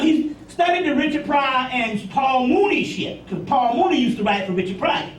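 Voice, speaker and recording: High-voiced man lecturing in an echoey room. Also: far from the mic, slight background noise. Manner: rambling, profane, repeats "you see what I'm saying". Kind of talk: informal lecture to an audience.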